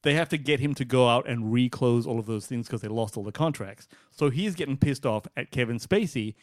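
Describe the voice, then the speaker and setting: A man co-hosting a comedy podcast, excitable and profane, often laughing. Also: medium pitch, brisk, no echo, clean studio sound. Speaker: podcast co-host. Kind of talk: casual comedy banter.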